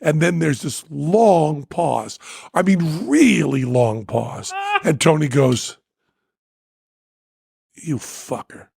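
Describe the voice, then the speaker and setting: Gravelly, animated male storyteller. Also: on the high side, slow, no room sound, clean studio sound. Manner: animated, loud and profane, laughing often. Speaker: podcast host. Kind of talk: comic storytelling.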